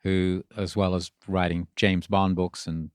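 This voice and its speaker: A man's voice: sits low, flat delivery, a little slow, clean tone, no room sound, studio quality. A man in his sixties from Birmingham, England, with an English accent worn into an American one, telling his story in a rambling way in an interview. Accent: mixed English and American. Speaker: guest, radio DJ. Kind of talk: casual interview talk.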